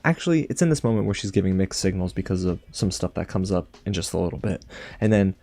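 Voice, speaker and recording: A man recapping a reality show in casual commentary, animated and sarcastic, with big jumps in pitch on his asides. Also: quick pace. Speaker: TV show reviewer.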